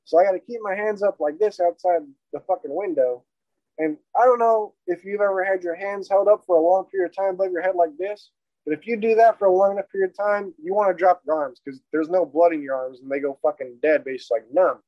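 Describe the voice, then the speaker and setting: A man with a notably high speaking voice recounts a personal mishap in loose, profanity-laced storytelling. His delivery rambles and stays animated. The recording is dry and close, with a dull, lo-fi tone. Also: fast talker, no room sound.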